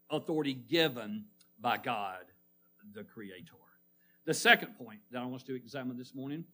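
A man preaching a sermon to his congregation in church. He quizzes them and has them fill in the missing words, and he slows down to hammer key words home. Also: medium pitch, pushed and bright.

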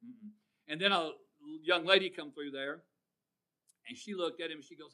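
A man preaching a sermon, drawing call-and-response from his congregation and swinging from loud to hushed. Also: on the high side, moderate pace, long pauses.

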